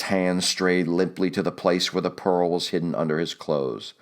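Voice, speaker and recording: Deep-voiced male audiobook narrator. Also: level tone, moderate pace, hardly any pauses.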